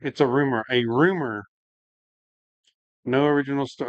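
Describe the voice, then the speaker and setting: A smooth, fairly high male voice with lively intonation runs a little fast on a home brewing livestream. Relaxed and rambling, he keeps using "like" and "man" while he works and chats with viewers. The recording is dry, with the highs cut off.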